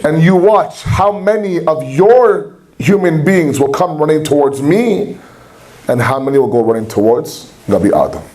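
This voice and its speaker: A man voicing a proud, aggrieved male devil who protests loudly that he earned his place. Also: a little high, expressive, moderate pace, natural voice, low-quality recording. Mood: defiant.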